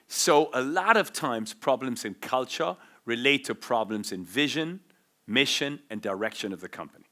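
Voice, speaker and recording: A man giving a conference talk at a business forum. He explains things in an animated way and uses vivid examples. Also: mid-range voice, normal speed. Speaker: forum speaker.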